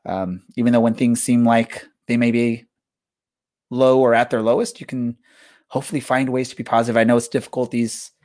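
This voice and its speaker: A man's voice: medium pitch, steady tone, fairly quick, darkish tone. A man hosting a soccer podcast in casual chat, rambling with many fillers and restarts. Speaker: podcast host.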